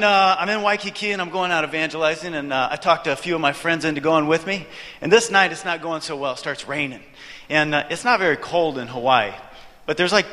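Male preacher, storytelling sermon; high, bright, animated delivery; reverberant church hall. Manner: animated, joking with the audience. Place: church hall, before an audience.

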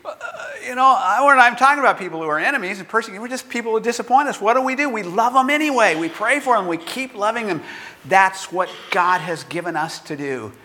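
An older man preaching a sermon in an earnest, conversational way, acting out quotes with lively energy. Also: high voice, quick pace, big-room sound. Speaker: pastor.

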